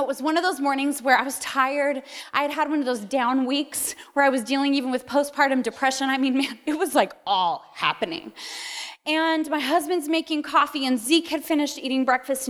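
A woman in her thirties giving a candid sermon testimony, telling stories with laughter and acted-out voices. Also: high-pitched. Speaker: speaker. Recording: long hall reverb.

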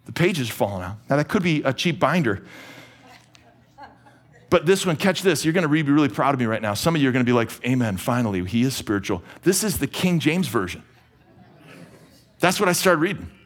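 Energetic pastor, fairly high voice. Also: male voice, husky. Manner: energetic, conversational preaching with quick restarts. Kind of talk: sermon.

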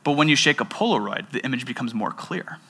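A young man, a pastor, preaching a sermon and telling a personal story in an animated way, with frequent restarts. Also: medium pitch, quick pace, husky.

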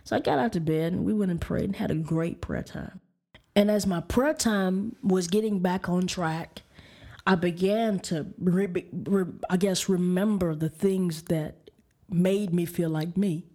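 A woman's voice: fairly low pitch, a little slow, mellow. A woman preaching and telling a candid personal story of frustration and faith, with restarts and light laughs. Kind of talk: personal testimony sermon.

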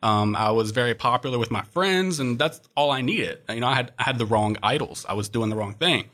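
A man's voice: medium pitch, expressive, brisk, a bit bright. A young man as an interview guest, earnestly telling a personal faith story with frequent fillers.

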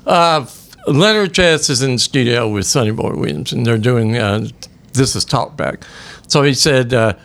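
A man chatting casually about his old guitar shop, a profane, animated storyteller. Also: medium pitch, moderate pace, creaky. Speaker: former guitar shop owner. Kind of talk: casual chat.

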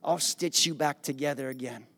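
A man preaching a sermon, retelling a scripture story in a playful, animated way and acting out the characters. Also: medium pitch, moderate pace, slightly rough. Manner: animated storytelling, acts out disciples with a raised voice; playful, jokes with the congregation. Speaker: pastor.

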